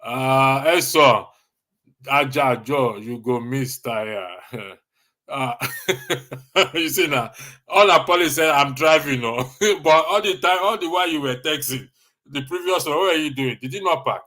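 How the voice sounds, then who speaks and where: A man's voice: a little high, unhurried, pushed and bright. A Nigerian man hosting a casual live stream, reading viewer comments with a jokey, teasing manner and frequent laughter.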